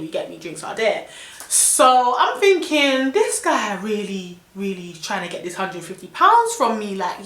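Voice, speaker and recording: Young London woman, vlogger, bright and indignant storytelling, echoey room. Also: medium pitch. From London, England. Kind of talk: storytime vlog.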